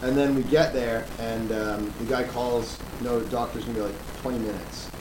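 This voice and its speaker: Australian guy, animated storyteller, casual chat, echoey room. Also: medium pitch, moderate pace. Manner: animated storytelling, acts out quoted voices, laughs often. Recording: echoey room with faint noise.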